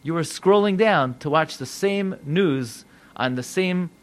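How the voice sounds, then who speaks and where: A man's voice: fairly high pitch, animated, measured pace. A man voicing God as a stern, scolding accuser in a sermon retelling. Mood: accusing. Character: stern God confronting people about their lying.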